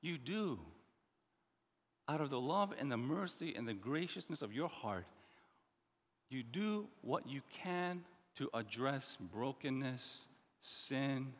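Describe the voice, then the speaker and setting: A man preaching a sermon as pastor, emphatic and repetitive, swinging between loud stresses and quiet asides. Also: medium pitch, lively intonation, takes it slowly, pauses often, big-room sound.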